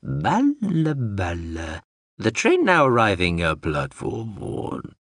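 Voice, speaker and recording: A man voicing a malfunctioning drone that babbles high-pitched nonsense and laughs. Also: wildly swooping pitch, slow, a bit bright, no echo, clean studio sound, exaggerated voice. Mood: manic babbling.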